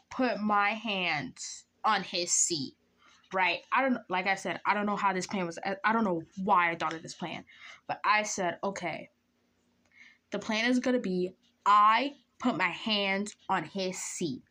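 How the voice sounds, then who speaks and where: While doing her makeup, a young woman vlogger tells a story from her school days at a slow pace. She's dramatic and animated, dropping into whispers and leaping up into high squeals.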